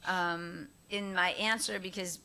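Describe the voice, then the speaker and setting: A woman's voice: fairly low pitch, unhurried, creaky, clean tone. A middle-aged woman, a guest at a live Q&A, telling stories casually with frequent laughter and acted-out quotes. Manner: animated, laughing often, acts out quoted voices. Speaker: guest actress at a Q&A. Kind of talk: casual storytelling on stage.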